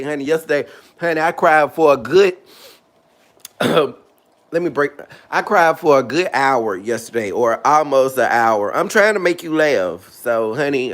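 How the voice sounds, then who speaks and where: A man talking casually about faith to his video viewers, animated and chatty, calling them honey and girl. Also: medium pitch. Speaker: video host.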